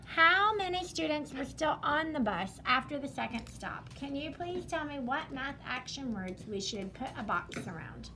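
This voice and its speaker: A woman's voice: sits high, very animated, normal speed, hardly any pauses, noisy background. A woman teacher leading a math lesson in a classroom, upbeat and repeating her students' answers back to them.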